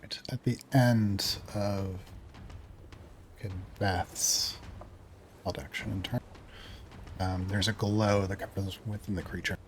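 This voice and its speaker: A man's voice: lowish voice, fairly even intonation, a little hiss or hum. A man narrating and explaining rules as game master of a tabletop game. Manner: deliberate, explains rules with pauses.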